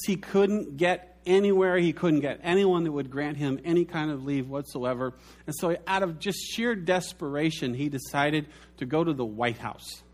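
A man preaching a sermon, telling anecdotes and acting out the voices in his stories. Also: on the high side. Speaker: pastor.

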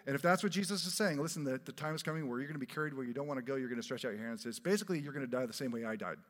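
A man preaching a sermon in a church, earnest and animated, breaking into laughs and asides. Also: medium pitch, very fast. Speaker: pastor. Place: church sanctuary. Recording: long hall reverb.

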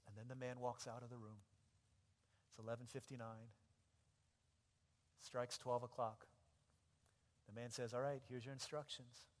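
A male pastor delivers his sermon as a gripping story, his voice sitting at an ordinary middle pitch. He moves between quiet, intimate narration and loud, impassioned cries. The sound rings out through a large hall with a long reverb tail. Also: level tone, normal speed, long pauses. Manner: dramatic storytelling, builds to loud impassioned shouting.

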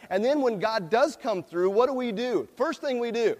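A man's voice: very high voice, expressive, normal speed, few pauses. A male pastor giving a sermon in a church, talking conversationally and putting questions to the congregation. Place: church sanctuary. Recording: long reverb in a large hall.

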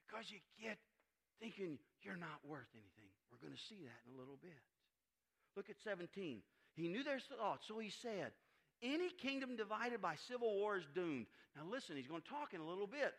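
Male pastor, high bright voice that rises and falls a lot, preaching with loud bursts and soft asides. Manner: preaches with big swings between loud emphatic lines and quiet low asides; reads scripture aloud and comments on it verse by verse. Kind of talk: sermon.

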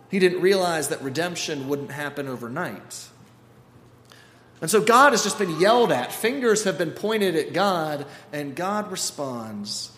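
A man preaching a sermon as pastor, animated and acting out the voices he quotes. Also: a little high, a little hiss or hum. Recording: echoey hall with faint ambience.

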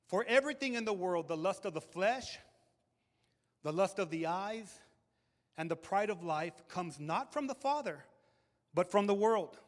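A male pastor preaching a sermon to a live congregation, emphatic and animated, often repeating words as he builds a point. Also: sits high, measured pace, long pauses. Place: church hall with audience. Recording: long reverb of a large hall.

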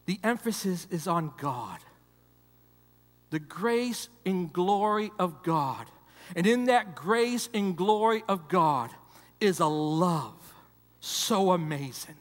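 A male pastor preaching a sermon in a church, repeating phrases and swinging between loud emphasis and hushed, quiet passages. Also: high voice, animated, takes it slowly. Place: church sanctuary. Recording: long hall reverb.

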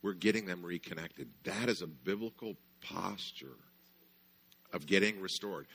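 A man preaching a sermon with animated storytelling, often checking in with the audience. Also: low-pitched, measured pace, husky.

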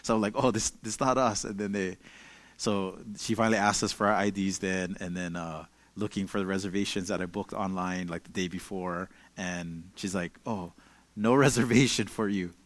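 A young man preaches in a loose, chatty way, leaning on fillers as he tells stories. His voice sits a little low, and the recording is close and dry with almost no room sound. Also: moderate pace, dry recording. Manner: relaxed storytelling with many fillers. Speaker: pastor. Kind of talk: casual conversational sermon.

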